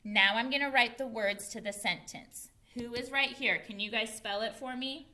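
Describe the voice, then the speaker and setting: A woman's voice: on the high side, normal speed, pushed and bright. A young woman teacher giving a patient, carefully enunciated phonics lesson to young children. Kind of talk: early-grade phonics lesson.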